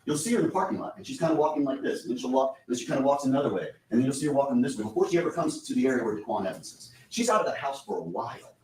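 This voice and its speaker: A man's voice: medium pitch, expressive, rapid-fire, few pauses, darkish tone, slight background noise. A man giving a closing argument in a courtroom, urgent and insistent, repeating key points to the jury. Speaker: defense attorney. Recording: echoey courtroom audio from a distance.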